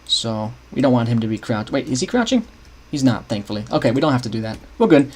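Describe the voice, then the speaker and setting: A man's voice: mid-range voice, lively intonation, fast, darkish tone. A young man casually talking through his game map scripting on a livestream, thinking aloud and chatting with viewers. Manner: thinks aloud, restarts often, chats with viewers. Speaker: streamer building a game map.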